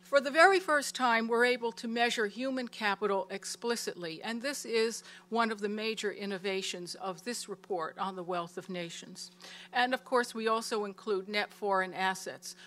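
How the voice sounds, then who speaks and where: A woman giving a prepared presentation of a research report in a steady, measured way. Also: medium pitch.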